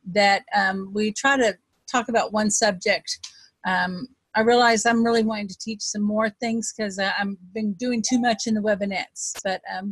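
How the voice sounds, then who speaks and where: Texas lady coach on a video call, talks fast and chatty, lots of ums, dry close sound. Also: medium pitch, no room sound. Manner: self-described fast talker, chatty with many ums. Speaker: wealth coach leading an online group. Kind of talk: casual webinar teaching.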